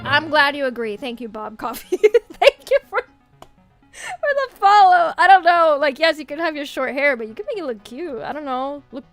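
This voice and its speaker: Very high-voiced woman ranting on stream. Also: normal speed, faint music behind. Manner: animated ranting with frequent swearing; laughs often. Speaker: VTuber streamer. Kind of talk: casual livestream chat.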